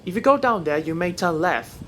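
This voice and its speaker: A man doing a bright, eager little tank engine. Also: high voice, lively intonation, normal speed, a little hiss or hum, pitched above the performer's own voice. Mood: cheerful. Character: cheerful helpful young male tank engine. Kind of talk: fan storytelling.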